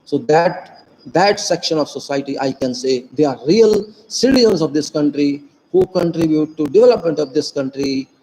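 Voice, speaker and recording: A man with an Indian accent speaking to viewers in an earnest, emphatic informal monologue, slowing down to stress key phrases. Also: on the high side, mellow, big-room sound, rough recording. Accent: Indian English.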